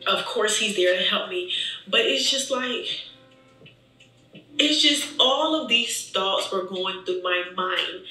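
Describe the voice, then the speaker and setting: A woman's voice: mid-range voice, takes it slowly, soft background music. A young woman vlogger telling a storytime, animatedly acting out what people said to her. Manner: animated retelling, acting out quoted dialogue. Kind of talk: storytime vlog. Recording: echoey room, voice distant from mic.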